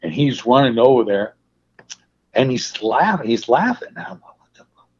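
A man being interviewed as a guest, telling animated, profane stories in casual chat. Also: medium pitch, moderate pace, slightly rough. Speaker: guest, wrestling manager. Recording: muffled lo-fi sound.

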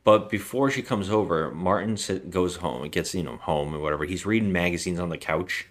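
A man with a low voice talks fairly quickly while co-hosting a podcast. He retells a film's plot in casual, meandering chat, acting out quotes along the way.

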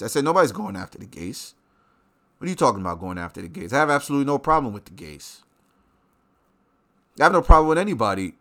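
A man rants on his show in a bright, cutting voice. He swears constantly and keeps jumping into loud outbursts. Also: medium pitch. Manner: profane, animated ranting with sudden loud outbursts. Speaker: show host. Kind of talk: ranting monologue.

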